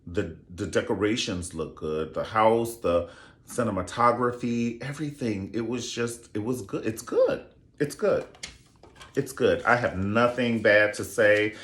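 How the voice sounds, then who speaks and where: Sassy, animated man reviewing a show. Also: on the low side, a little slow. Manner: campy, sassy, profane, calls people honey. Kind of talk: casual comedic retelling. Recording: echoey room.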